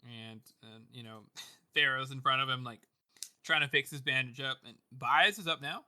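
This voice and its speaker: A man's voice: medium pitch, moderate pace, pushed and bright. A man co-hosting a podcast, chatting casually about a book, rambling with lots of fillers and swearing. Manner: rambling with many fillers, swears, laughs often. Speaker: podcast co-host. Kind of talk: casual book discussion chat.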